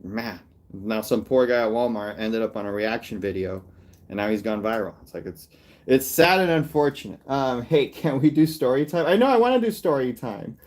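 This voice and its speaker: A man's voice: mid-range voice, expressive, normal speed, darkish tone. A male artist and comedian in casual livestream chat, rambling and mocking, with frequent laughs.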